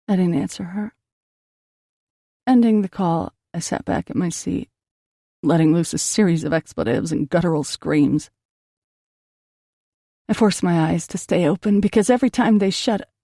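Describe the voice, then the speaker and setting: A woman's voice: mid-range voice, gravelly, mellow, no room sound, studio quality. A woman narrating an audiobook in an emotional first-person reading.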